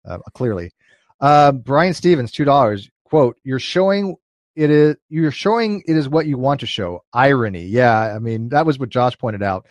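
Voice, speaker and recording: A man's voice: medium pitch, expressive, moderate pace, no room sound. A man hosting a live chat stream, joking, laughing often and pushing his voice up when he gets worked up. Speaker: host reading super chats. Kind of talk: casual livestream chat.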